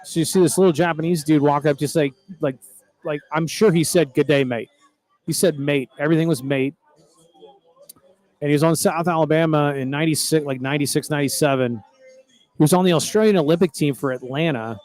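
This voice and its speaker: A man's voice: a little high, fast, darkish tone. Folksy man calling baseball. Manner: folksy, chatty, rambling storyteller. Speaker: play-by-play announcer. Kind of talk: baseball commentary.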